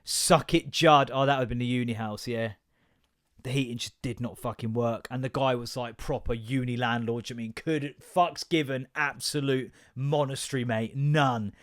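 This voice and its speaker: A man's voice: medium pitch, fairly even intonation, normal speed. A man, hosting a solo podcast, chatting casually, swearing a lot and laughing often as he jumps from rant to rant. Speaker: podcast host.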